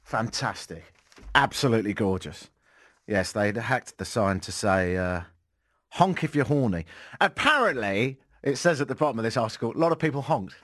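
A man's voice: lowish voice, lively intonation, moderate pace, a bit bright, no room sound, studio quality. A British man hosting a casual talk radio show, joking and sarcastic, laughing often. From Britain. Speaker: radio host. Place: radio studio.

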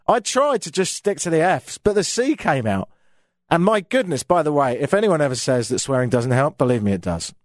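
A man's voice: fairly high pitch, sing-song, fairly quick, dry recording. A man from Britain hosting a radio show, telling a self-mocking comic story from his studio microphone.

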